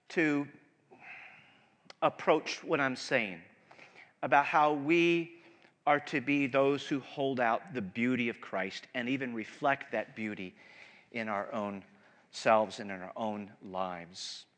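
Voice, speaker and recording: A male pastor preaching a sermon, animated and emphatic, with frequent restarts and swings between loud and soft. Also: medium pitch, slow pace, long pauses. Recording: long hall reverb.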